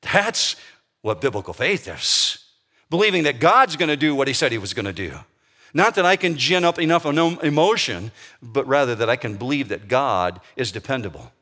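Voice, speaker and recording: A man's voice: medium pitch, very animated, moderate pace, pushed and bright. A middle-aged man preaching a sermon, telling a personal story in a conversational way and asking his listeners questions. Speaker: pastor.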